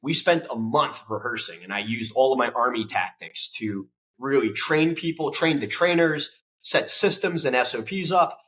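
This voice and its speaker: Young man, podcast guest, bright forceful voice, casual storytelling, acts out dialogue, swears freely. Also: mid-range voice, lively intonation, moderate pace, rough recording.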